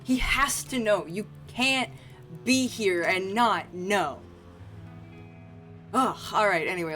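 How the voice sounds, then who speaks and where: A woman's voice: on the low side, fairly bright tone. A woman streamer giving casual, joking commentary as she plays, swearing freely and talking to herself.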